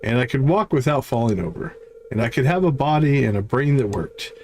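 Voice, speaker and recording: A man's voice: medium pitch, expressive, fairly quick, a little mellow, slight background noise, close to an everyday voice. A man reading out the lines of a frail, despairing young villager recovering from illness, in a plain read-aloud way.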